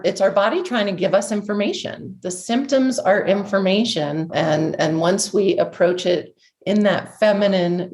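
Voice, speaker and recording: A woman's voice: medium pitch, darkish tone. A woman hosting a health coaching podcast, affirming her guest and leading into questions. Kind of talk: podcast interview.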